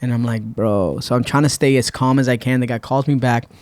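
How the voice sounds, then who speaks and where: This podcast guest, a man from Puerto Rico, talks a little fast at medium pitch, casually recounting a long tale and quoting what everyone said. The studio sound carries no echo.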